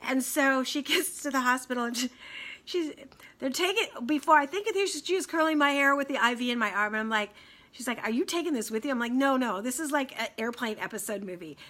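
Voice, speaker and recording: Speaking fairly quickly in a high voice, a middle-aged radio host shares a personal story in a relaxed, lively way. She plays out the voices of the people she quotes and laughs frequently.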